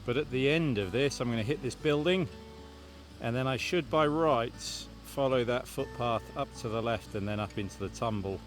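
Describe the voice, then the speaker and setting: A man's voice: mid-range voice, moderate pace, soft background music. A man vlogging while he walks outdoors on a country lane, chatty and thinking aloud as he goes. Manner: chatty, thinking aloud, understated British phrasing. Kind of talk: walking vlog narration.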